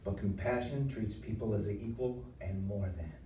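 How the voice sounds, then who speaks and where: A man preaches in a lively, conversational way, leaning into emphatic lines and playful acted-out voices. His tone is dark and mellow. He sounds set back from the mic in a roomy live venue with a faint hum of ambience behind him. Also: fairly low pitch, moderate pace, far from the mic. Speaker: former pastor giving a talk. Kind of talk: preaching talk.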